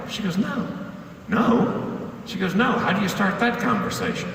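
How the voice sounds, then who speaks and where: A man's voice: high voice, lively intonation, moderate pace, a bit bright. A man giving a keynote speech as a public speaker and comedian, telling a story with punchy comic timing. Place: large conference hall. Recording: echoey hall, distant mic, faint room noise.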